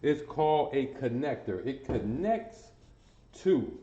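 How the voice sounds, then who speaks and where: Man, teacher at a board, slow and deliberate, repeats himself, drills syllables, roomy muffled recording. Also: medium pitch, sing-song, mellow, slight background noise. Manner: drills sounds aloud, repeats phrases, quizzes the class. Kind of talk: classroom lesson. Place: classroom with a board. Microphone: camera he sometimes walks away from.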